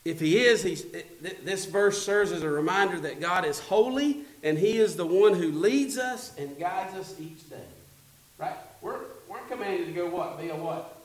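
Man, pastor, call-and-response sermon, high voice, distant mic, booming church echo. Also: moderate pace. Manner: call-and-response preaching, rising to fervent peaks. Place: church sanctuary. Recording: echoey sanctuary from a distance.

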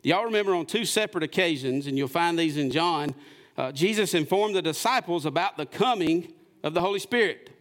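A pastor delivering a sermon in church. His voice sits a bit high for a man and swings from loud declarations to hushed, close passages. He keeps the room engaged by asking rhetorical questions. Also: animated, brisk.

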